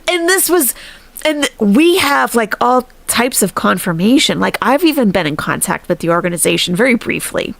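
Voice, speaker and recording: Gravelly-voiced woman hosting a live stream. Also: fairly high pitch, measured pace, no room sound. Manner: animated, laughs often, thanks viewers. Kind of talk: casual live-stream commentary.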